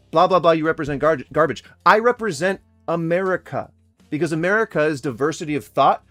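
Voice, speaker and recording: Guy in his 40s from sacramento ranting at a critic to camera, cussing, sarcastic fake sympathy, kinda high voice, faint music under it. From Sacramento, California. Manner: heated, profane and sarcastic, with mock-sympathy. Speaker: vlogger responding to a critic. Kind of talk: ranting direct-to-camera rebuttal.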